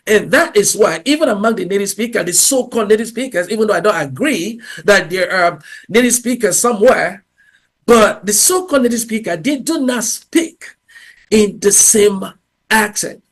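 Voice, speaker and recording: A man giving a motivational talk at a university career event, animated, often pausing on fillers and restarting words. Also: high voice. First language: English. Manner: animated, acts out little dialogues in different voices; frequent fillers and self-corrections.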